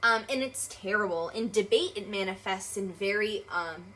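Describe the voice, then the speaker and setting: A woman's voice: medium pitch, moderate pace, pushed and bright, slight background noise. A young adult woman talking animatedly as an interview guest, emphatic and full of fillers. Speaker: guest, accessibility advocate. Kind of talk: casual interview talk.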